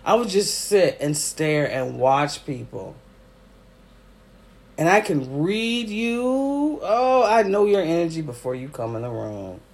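Solo podcast host, male, teary and effusive, unhurried delivery, slightly high pitch. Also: big pitch swings. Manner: emotional and effusive, with frequent fillers. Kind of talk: casual solo podcast monologue.

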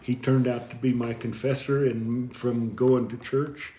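Halting storytelling man, echoey room. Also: mid-range voice, level tone, dark tone. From American Southwest. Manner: rambling, halting, chuckles often. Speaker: guest deacon. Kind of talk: storytelling in conversation.

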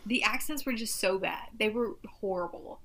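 A woman's voice: mid-range voice, normal speed, fairly bright tone. A woman talking casually about a movie, rambling and restarting sentences with lots of "like". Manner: rambling, self-interrupting, lots of "like". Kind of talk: casual chat reviewing a movie.

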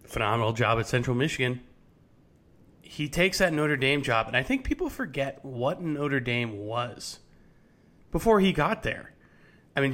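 A man's voice: medium pitch, fairly bright tone. A young man co-hosting a sports podcast, chatting casually and rambling with many restarts. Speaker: podcast co-host.

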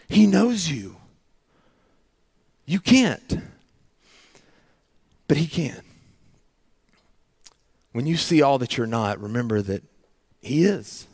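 Earnest, high-voiced male preacher. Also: lively intonation, slow, pauses often, a little mellow, breathy edge. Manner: earnest, dramatic, acts out pleading quotes. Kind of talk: sermon.

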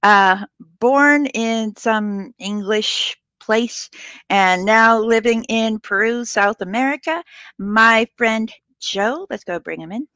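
A woman's voice: on the high side, slow, pushed and bright, no echo. A woman hosting a casual online interview show, chatty and upbeat, on a video call from home. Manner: chatty, upbeat, laughs easily. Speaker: host. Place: home, filmed live online.

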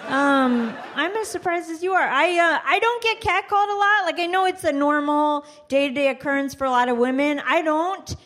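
A woman doing a stand-up set in a halting, self-deprecating way, full of little restarts. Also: high-pitched, a bit bright. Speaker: stand-up comedian guest. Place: live comedy show before an audience.

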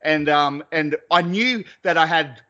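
A man's voice: a little high, a little slow, pushed and bright, muffled recording. An Australian man chatting casually as a podcast co-host, telling rambling stories full of swearing and restarts. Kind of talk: casual chat.

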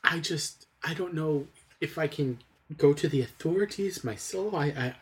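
A man voicing a nervous, secretive young female servant, hesitant and stammering in a hushed voice. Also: fairly high pitch, normal speed, pitched above the performer's own voice, close to an everyday voice.

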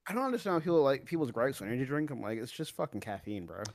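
A man's voice: mid-range voice, sing-song, rapid-fire, vocal fry. A man co-hosting a podcast, joining in with laid-back, slangy banter. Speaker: podcast co-host. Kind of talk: casual chat.

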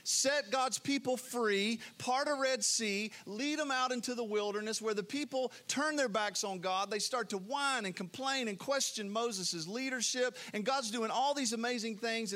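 A man preaching a sermon, retelling scripture in an expressive storytelling way that drops low and soft for emphasis. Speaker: pastor.

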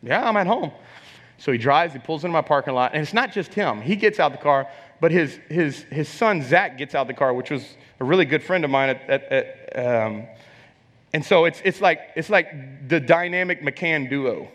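A man's voice: a little high, expressive, normal speed, fairly bright tone. A man preaching a sermon, telling a personal story in an emphatic, conversational way, often repeating phrases and putting questions to the congregation. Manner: conversational, asks the audience questions. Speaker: preacher sharing a testimony. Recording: long hall reverb.

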